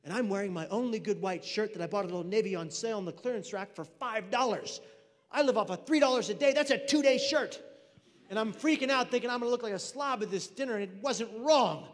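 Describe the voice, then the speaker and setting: A man's voice: sits high, fast talker. A man telling a comic personal story at a speaking event, acting out voices of the people in it. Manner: animated, comic, acts out voices of others. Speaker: mental health speaker. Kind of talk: storytelling keynote talk. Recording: reverberant hall.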